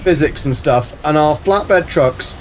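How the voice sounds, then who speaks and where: A man's voice: on the high side, unhurried, a little hiss or hum. A man casually commentating a game on a live stream, chatting to viewers, swearing freely and greeting them by name. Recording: faint background music.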